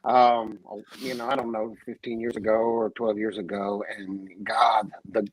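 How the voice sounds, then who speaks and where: A man, a guest musician, talking in halting, reflective casual chat. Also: on the low side, little pitch movement, slightly rough, rough recording. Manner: halting, reflective, with many restarts.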